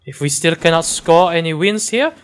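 A man's voice: a little high, clear, resonant tone. A man, bantering and swearing during a casual gameplay session. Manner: excitable, swearing, quick to shout. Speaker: gaming channel host.

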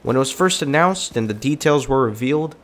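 A man's voice: mid-range voice, animated, brisk. A congested man with a cold, hosting a gaming video and chatting casually while reading game text aloud. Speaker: gaming channel host.

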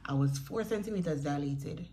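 A woman's voice: low-pitched, moderate pace, dark tone, slight background noise. A young Jamaican woman in a chatty storytelling vlog who speaks straight to her viewers. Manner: chatty, addresses viewers directly, acts out quoted voices. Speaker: vlogger.

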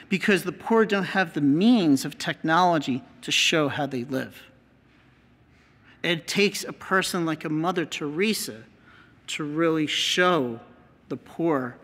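A man's voice: on the high side, bright, forceful tone. An American man, a priest, giving an earnest teaching talk with slides and repeating key phrases for emphasis. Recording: long hall reverb.

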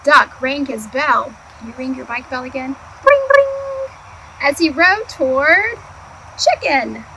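Brief: woman educator, storytime read-aloud; animated, slow and clear, very lively pitch. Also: slight background noise, poor audio. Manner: animated, asks the kids questions and answers them. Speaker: early childhood museum educator. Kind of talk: picture-book read-aloud for young children.

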